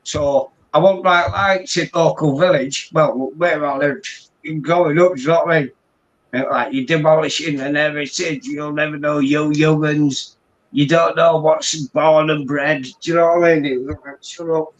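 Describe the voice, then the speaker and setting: A man's voice: a little high, fairly even intonation, moderate pace, lo-fi sound. A middle-aged man from England, a guest telling rambling stories in casual chat and repeating "do you know what I mean".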